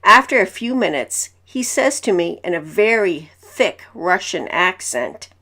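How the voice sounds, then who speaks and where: A woman narrating reader-submitted stories in the first person, in an even, matter-of-fact way. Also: lowish voice, measured pace.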